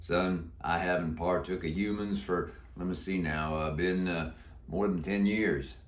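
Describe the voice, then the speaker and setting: A man voicing a slow, folksy old cowboy zombie with a deep, croaky drawl in a storybook read-aloud. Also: fairly even intonation. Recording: echoey room.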